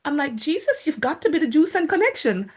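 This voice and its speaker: A woman, sharing a faith story in casual, animated speech and acting out her own prayers. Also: high voice, brisk. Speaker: faith vlogger sharing a testimony. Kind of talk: casual spoken testimony.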